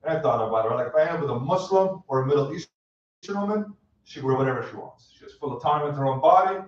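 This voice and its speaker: A man in his thirties doing a stand-up set with crowd work, deadpan and self-mocking, laughing at his own jokes on a club stage. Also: a little high, fast talker, slight background noise. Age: 30s. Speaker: stand-up comedian. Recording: roomy, distant, dull club recording.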